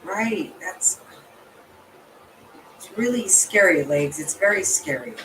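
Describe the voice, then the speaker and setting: A woman's voice: mid-range voice, lively intonation, slow, fairly bright tone, a little hiss or hum, low-quality recording. A woman reacting in casual chat, blunt and outraged, swearing freely. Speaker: channel host reacting to a livestream guest.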